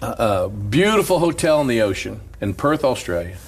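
A man's voice: mid-range voice, very animated, moderate pace, breathy edge. A male pastor telling a story in casual chat, laughing often and breaking into a preaching cadence. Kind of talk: storytelling sermon-style chat.

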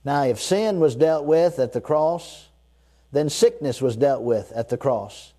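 A man preaching a sermon, leading his listeners in call-and-response declarations, repeating key phrases and slowing down to read scripture. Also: medium pitch, expressive, mellow.

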